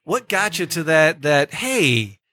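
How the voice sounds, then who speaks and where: Bright-voiced gushing male podcast host. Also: a little high, very animated, takes it slowly, no echo. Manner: chatty and gushing, many restarts. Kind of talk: casual chat. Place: recording studio.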